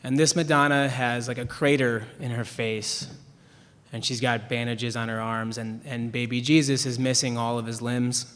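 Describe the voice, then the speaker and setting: A man's voice: medium pitch, flat delivery, moderate pace, a bit bright. A young man from Chicago, a writer on a panel, telling rambling, self-deprecating stories and laughing at himself. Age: young adult. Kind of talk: anecdotal storytelling. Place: event hall with an audience. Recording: long reverb in a hall.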